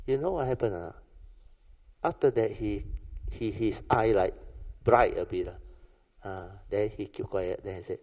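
Unhurried and pausing often, a lowish-voiced Malaysian-accented man gives a relaxed Buddhist talk, telling stories to his listeners. He repeatedly asks "understand or not?" to make sure they follow along. Recorded in an echoey hall, the audio is dull and lo-fi.

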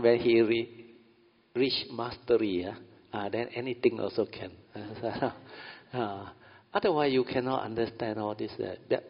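A man giving an informal meditation talk, often asking "understand?" and chuckling. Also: mid-range voice. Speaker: meditation teacher. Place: meditation hall. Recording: dull audio in a long-reverb hall.

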